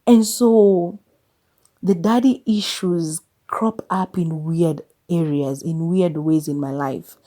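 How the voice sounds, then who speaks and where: Candid Kenyan woman, mellow low voice. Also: takes it slowly. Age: 30s. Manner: candid, confessional, with bursts of exasperated emphasis; mixes English with Swahili phrases. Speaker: podcast host. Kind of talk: personal reflective monologue.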